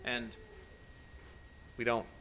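A male pastor preaching a sermon, building to loud emphatic peaks and then dropping soft and low. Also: extremely slow, slight background noise, rough recording.

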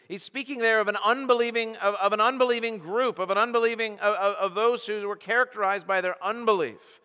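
Bright-voiced man preaching in a reverberant hall. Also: high voice, moderate pace, smooth. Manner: earnest, emphatic, many restarts. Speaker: pastor. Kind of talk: expository sermon.

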